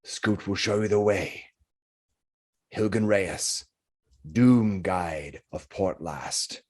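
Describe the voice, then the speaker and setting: A man putting on a booming, solemn dying messenger. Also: extremely slow, exaggerated voice. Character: dying male messenger speaking through a cat.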